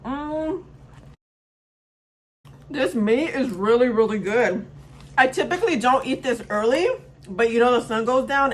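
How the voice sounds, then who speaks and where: A woman's voice: fairly high pitch, fairly bright tone. A young woman chatting casually to camera as a beauty vlogger, upbeat and talking while she eats, at home by a window.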